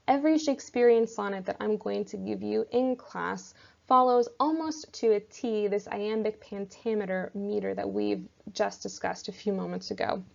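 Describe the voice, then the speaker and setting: A woman teacher explaining a lesson step by step in a patient, measured way. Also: mid-range voice, gravelly, darkish tone. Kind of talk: recorded classroom lesson. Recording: dull lo-fi recording.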